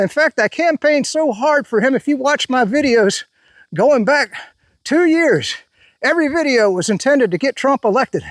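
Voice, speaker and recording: A man's voice: very high voice, animated, measured pace, no room sound, clean studio sound. A man giving a ranting online commentary, angry and sarcastic, with a rambling delivery.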